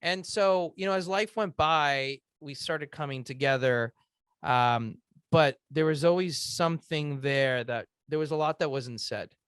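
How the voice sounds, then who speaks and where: A man in his thirties, a podcast guest, earnestly telling an emotional personal story, halting often with "um" and restarts. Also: a little high, a bit bright, smooth, no room sound.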